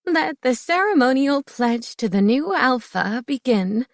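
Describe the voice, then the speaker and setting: Woman doing a high folksy female pack elder. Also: animated, a little slow, no room sound, studio quality. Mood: commanding.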